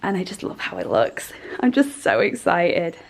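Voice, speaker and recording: A woman's voice: on the low side, big pitch swings, normal speed, creaky. A woman, chatting casually and enthusiastically to camera at home, often laughing. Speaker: lifestyle vlogger. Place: at home, indoors.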